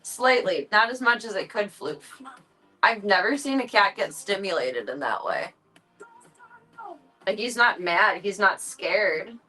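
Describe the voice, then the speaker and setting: A woman's voice: mid-range voice, animated, unhurried, sharp tone, faint music behind, poor audio. A woman livestreaming from home, chatting casually and cooing playfully at her cats in baby talk.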